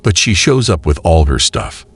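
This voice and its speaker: A man's voice: low voice, expressive, normal speed, a bit bright, breathy edge. A man narrating a reaction commentary with wry, moralizing asides.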